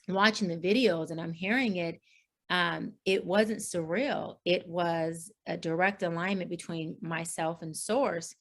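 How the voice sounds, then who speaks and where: Earnest expressive woman, slightly low voice. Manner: expressive, quotes people in lively voices; earnest, many fillers and restarts. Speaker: life coach guest. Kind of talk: interview, personal storytelling.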